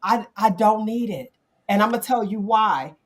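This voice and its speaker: A woman's voice: mid-range voice, unhurried. Candid woman in casual panel chat. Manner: candid, conversational, direct. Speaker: panel talk show host.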